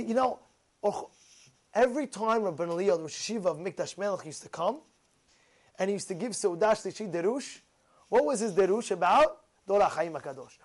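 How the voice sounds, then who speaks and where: Very high-voiced man, rabbi type, animated lecture storyteller with loud bursts and muttered asides. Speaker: rabbi giving a Torah talk. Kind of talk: informal Torah lecture with acted anecdotes.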